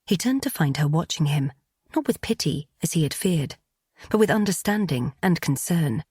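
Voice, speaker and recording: Low, husky woman narrating a romance. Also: expressive, normal speed, darkish tone, no echo, studio quality. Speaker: audiobook narrator.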